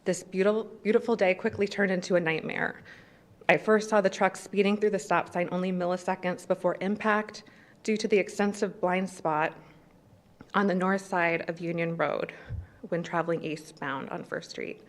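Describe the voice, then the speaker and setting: A woman in her thirties reading a prepared statement at a city council meeting. She is emotional and close to tears, and her delivery is shaky and halting at a podium microphone. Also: on the low side, fairly even intonation. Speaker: resident speaking at public comment.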